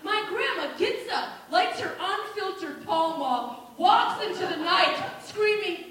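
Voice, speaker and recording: A woman telling a family story as stand-up comedy, acting out her relatives in quick changing voices. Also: very high-pitched, expressive, distant mic, noisy background. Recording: echoey room, voice from off-mic.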